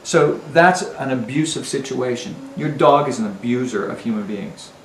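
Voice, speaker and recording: A man's voice: mid-range voice, moderate pace, fairly bright tone, a little hiss or hum. A male dog trainer speaking emphatically to a dog owner in a home, often checking in with "Okay?". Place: indoors in a home. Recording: echoey room with faint ambience.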